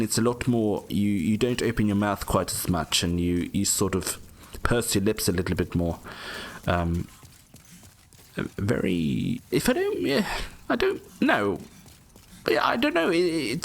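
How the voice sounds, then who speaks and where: A man's voice: fairly low pitch, a little hiss or hum. A man giving casual, rambling gameplay commentary full of jokey asides.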